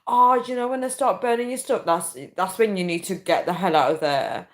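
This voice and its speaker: A woman's voice: medium pitch, a little fast, few pauses. A young woman chatting casually on a livestream, reading out comments and laughing often. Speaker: livestream host.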